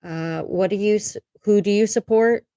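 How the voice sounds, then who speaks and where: A woman's voice: mid-range voice, normal speed, mellow, smooth, no room sound. A woman hosting a casual livestream from a room at home, chatting candidly, swearing casually and laughing often. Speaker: livestream host. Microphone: desk microphone.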